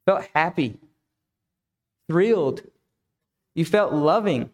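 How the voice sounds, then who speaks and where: A man's voice: a little high, expressive, slow. A man preaching a reflective sermon who asks the listeners many questions. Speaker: pastor.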